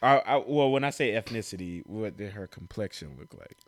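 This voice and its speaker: A man's voice: on the low side, expressive, brisk, dry recording. A young man in casual chat, asking blunt, teasing questions in slangy talk. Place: indoor room.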